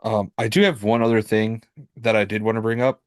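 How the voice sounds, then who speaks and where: A man's voice: fairly low pitch, steady tone, fairly quick, no room sound, studio quality. A man co-hosting a comic book podcast, talking casually with fillers and self-corrections. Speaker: podcast co-host. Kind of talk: casual chat.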